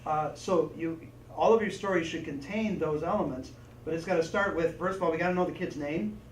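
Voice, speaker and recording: A man training a group on storytelling, lively, acting out little voices and asides as he teaches. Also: on the high side, a little fast. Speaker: presenter and trainer. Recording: echoey room, distant mic, faint noise.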